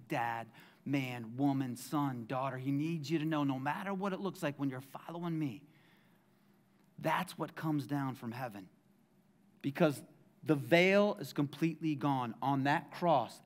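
A pastor preaching a casual sermon in a church, moving from hushed, intimate lines to loud, shouted ones and joking with the crowd. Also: male voice, mid-range voice. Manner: casual and jokey, calls the crowd guys. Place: church sanctuary.

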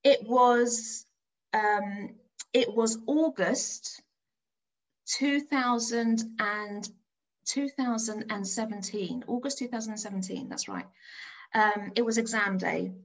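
A middle-aged woman from north-west London, a teacher, giving a lively storytelling talk. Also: a little high, slow pace, low-quality recording. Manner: animated storyteller, acts out her own excited voice.

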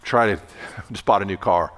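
A male pastor delivering a sermon with lively storytelling, now and then shouting out acted lines. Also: fairly low pitch, moderate pace. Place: church sanctuary. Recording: long reverb of a church sanctuary.

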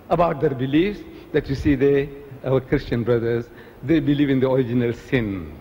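A man's voice: medium pitch, brisk, a little mellow. A man preaching an impassioned religious lecture, often mimicking other people in a raised voice. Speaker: Islamic preacher. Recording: reverberant hall, faint ambience.

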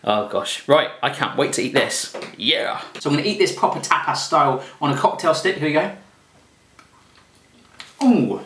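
A man's voice: on the high side, animated, brisk, hardly any pauses, fairly bright tone, a little hiss or hum. An English man hosting a playful home cooking demonstration, chatty and jokey, talking to the food as he cooks. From England. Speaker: cooking show host. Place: home kitchen.

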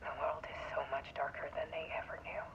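A woman playing a haunted artist in a game, talking in a hushed, brooding way. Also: low-pitched, flat delivery, fairly quick, muffled recording, background noise. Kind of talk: game dialogue monologue.

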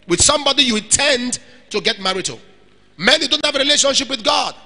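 Preacher, male, high and expressive voice, animated sermon to singles, long hall reverb. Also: fast talker. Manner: animated preaching, acts out little scenes. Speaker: pastor. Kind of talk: sermon to young single men.

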